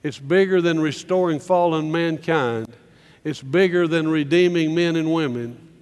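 A man's voice: on the high side, unhurried, darkish tone, clear, resonant tone, long reverb tail. A man preaching a sermon from slides, earnest, often repeating words as he builds a point.

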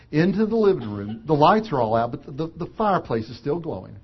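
A man preaching a sermon, an animated storyteller who acts out the voices of characters. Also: fairly high pitch, a little fast, few pauses, slightly rough, lo-fi sound.

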